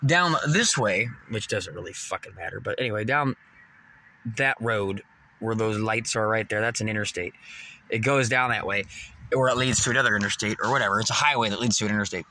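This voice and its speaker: Man telling a story, very bright voice. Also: fairly low pitch, brisk, a little hiss or hum. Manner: swears constantly, animated, gets loud and emphatic when recounting confrontations. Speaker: vlogger telling a personal story. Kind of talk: casual storytelling.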